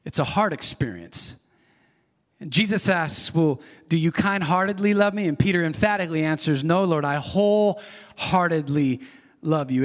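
A man's voice: a little high, in a large hall. A man preaching a sermon as pastor, earnest and conversational, repeating himself and adding asides.

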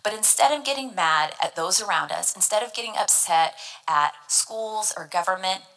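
A woman's voice: medium pitch, lively intonation, moderate pace, vocal fry, bright, forceful tone, poor audio. A woman giving devotional Bible teaching, earnest and emphatic, explaining verses word by word.

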